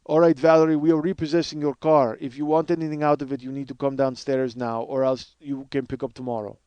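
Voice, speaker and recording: A man imitating a terse Russian repossession man, speaking low and flat with a put-on Russian accent. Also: fast, clear, resonant tone, dry recording, natural voice. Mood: curt. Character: gruff Russian repo muscle man, terse.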